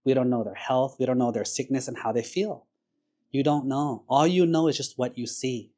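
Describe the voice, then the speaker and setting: A man's voice: medium pitch, normal speed, warm tone. A man, a Buddhist monk, giving a sermon in a conversational storytelling way, sprinkling in casual fillers. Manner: conversational, uses casual fillers like "like" and "you know"; storytelling, acts out quoted characters.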